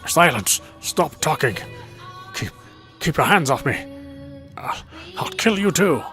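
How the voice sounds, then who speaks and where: A man's voice: on the high side, big pitch swings, slow, pushed and bright, soft background music, heavily acted. A man voicing a tormented, violent man who calls himself a beast, speaking in ragged, stuttering outbursts, in a fan voice dub of a visual novel.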